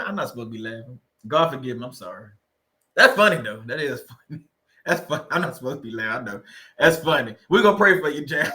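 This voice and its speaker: A man hosting a casual livestream talk, animated and joking, laughing often and speaking straight to his viewers. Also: fairly high pitch, a little fast. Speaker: livestream host on narcissistic abuse.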